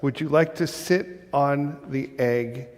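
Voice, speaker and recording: A man's voice: medium pitch, steady tone, slow pace, a little mellow, in a large hall, natural voice. A man reading a storybook aloud, voicing a lazy, pushy female bird in a coaxing sing-song.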